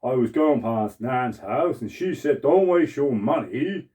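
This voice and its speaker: A man's voice: mid-range voice, lively intonation, measured pace, mellow, close to an everyday voice. A man voicing a cheeky young lad in a told joke, in a raised, sing-song storytelling voice.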